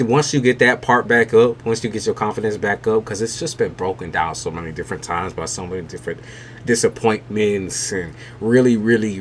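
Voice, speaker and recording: A man's voice: lowish voice, a little hiss or hum. A man giving a live-stream tarot reading, blunt and emphatic, with heavy swearing. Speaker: tarot reader.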